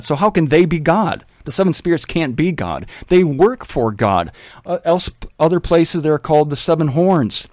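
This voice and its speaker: A man's voice: on the high side, darkish tone, no room sound, studio quality. Earnest man teaching the Bible on radio. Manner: earnest, pleading, emphatic.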